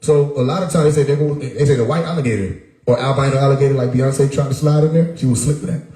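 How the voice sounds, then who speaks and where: A man's voice: mid-range voice, quick pace, dark tone. Emphatic man talking in an echoey room. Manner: emphatic, repeats words, rhetorical questions. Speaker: livestream host. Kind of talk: casual livestream monologue.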